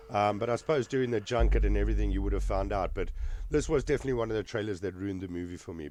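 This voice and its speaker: A man's voice: mid-range voice, mellow, a little hiss or hum. A man hosting a casual movie reaction video, talking in a rambling way with many fillers and restarts.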